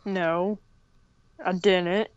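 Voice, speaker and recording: A young woman in casual podcast chat, hesitant and teasing, with many fillers. She speaks slowly in a smooth, clear voice. The recording is dry and dull, like a cheap lo-fi mic. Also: on the low side, steady tone, no room sound. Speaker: podcast co-host.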